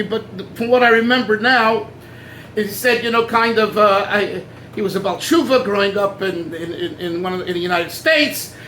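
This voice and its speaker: A man's voice: high-pitched, a bit bright, slight background noise. A man, a rabbi, giving an informal talk to a group, conversational, with many restarts and asides. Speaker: rabbi teaching a class. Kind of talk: informal lecture at a gathering. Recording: echoey room with faint ambience.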